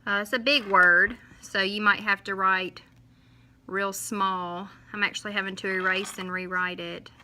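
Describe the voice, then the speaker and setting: Woman, teacher, sing-song, drawn-out syllables, very bright voice, faint hiss. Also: mid-range voice, fairly even intonation. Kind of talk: recorded class lesson for young children.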